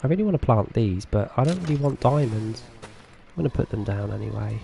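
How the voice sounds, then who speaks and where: A man's voice: on the low side, expressive, fairly quick, creaky, mellow, a little hiss or hum. A man with a Norfolk English accent chatting casually with viewers while streaming a farming game, chatty and self-deprecating, laughing often. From England.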